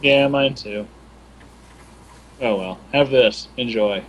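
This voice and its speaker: A man's voice: mid-range voice, slow, a little hiss or hum, poor audio. A man playing an online card game with friends, reading cards aloud and laughing often in casual chat.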